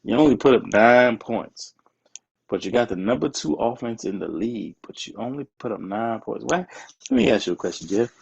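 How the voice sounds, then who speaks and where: A man's voice: mid-range voice, animated, moderate pace, gravelly, husky, muffled recording. A man co-hosting a casual sports podcast, teasing and trash-talking with frequent laughs. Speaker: podcast co-host.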